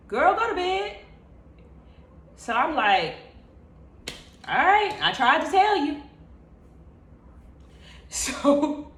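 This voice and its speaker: Woman vlogger telling a storytime, animated and cussing a lot, roomy echo, little hiss in back. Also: medium pitch. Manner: animated, expressive, profane. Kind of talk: casual storytime.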